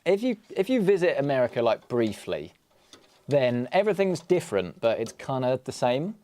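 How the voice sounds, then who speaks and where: A man's voice: mid-range voice, sing-song, moderate pace, dark tone. A young British man with an English accent hosting a PC build livestream, chatting casually and joking at his own expense as he works. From England. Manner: joking, self-deprecating, chatty asides.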